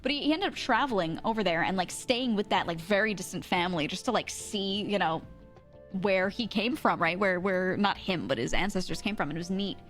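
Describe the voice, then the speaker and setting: An American woman streamer with a mid-range, fairly bright voice talks a little fast over faint background music. She rambles through a story in casual chat, using lots of fillers and laughing often.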